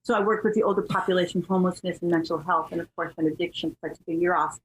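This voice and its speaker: A woman in her fifties from California, a podcast guest telling her story candidly in an animated, chatty way and laughing as she goes. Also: on the low side, very fast, a little hiss or hum, low-quality recording. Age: 50s.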